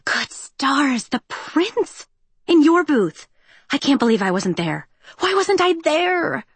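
A woman voicing an excitable, theatrical teenage girl who gushes and whines, in an audiobook. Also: on the high side, moderate pace, dry recording, voice pushed up. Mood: exasperated. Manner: gushing, whiny, theatrical. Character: excitable teenage girl, dramatic, bubbly stepsister.

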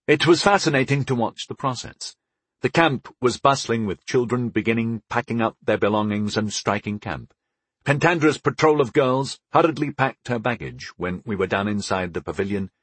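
A man narrates a fantasy novel in the first person with an expressive storytelling manner. His voice is husky and moves a lot in pitch, recorded dry and close. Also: dry recording. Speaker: audiobook narrator.

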